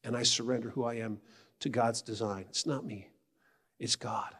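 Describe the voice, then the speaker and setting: A middle-aged man giving a retreat talk in a conversational, animated storytelling way. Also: medium pitch, normal speed, breathy edge. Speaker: retreat speaker. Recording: long hall reverb.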